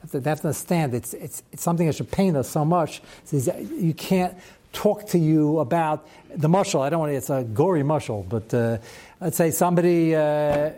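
A man's voice: a little high, moderate pace, warm tone. A man teaching a Torah class to students, talking through a text with rhetorical questions and wry asides.

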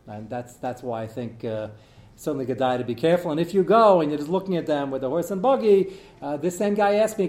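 A man's voice: a little high, lively intonation, fast talker, a little mellow. Man telling stories in a roomy hall. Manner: storytelling, conversational, takes audience questions. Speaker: rabbi giving a talk. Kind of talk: informal lecture to a congregation. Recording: roomy echo.

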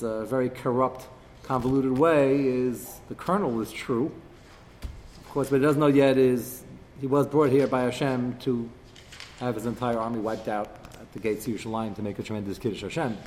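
A man's voice: medium pitch, long reverb tail, slight background noise. A man teaching a text-study class, acting out quoted speakers with sarcastic asides. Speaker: Torah teacher.

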